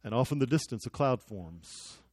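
A man's voice: medium pitch, lively intonation, normal speed, darkish tone, breathy edge, dry recording. A young man preaching a sermon, telling the story with jokes and acted-out quotes. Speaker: pastor.

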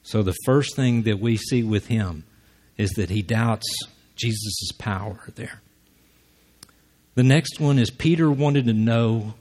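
Guy preaching a sermon, kinda low and husky, chatty, acts out the quotes. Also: measured pace, a little mellow. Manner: conversational, acts out quoted lines.

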